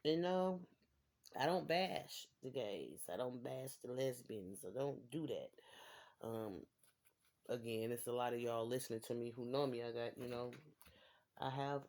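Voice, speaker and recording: A woman's voice: rumbling low, moderate pace, a little mellow. A woman giving a casual tarot reading to her viewers, rambling and repeating phrases for emphasis. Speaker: tarot reader.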